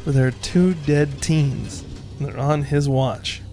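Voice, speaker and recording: A man's voice: mid-range voice, fairly even intonation, slow pace, warm tone, soft background music. Wisecracking movie commentary host man. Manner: wisecracking, asks guest questions.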